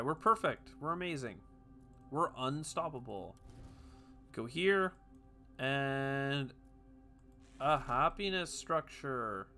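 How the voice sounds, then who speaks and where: A man talks his way through a strategy game in a loose, chatty commentary, tossing off jokey asides to himself. His voice is bright and forceful, and faint game music runs under it. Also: mid-range voice, expressive, slow. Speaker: gaming video host. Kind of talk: casual gameplay commentary.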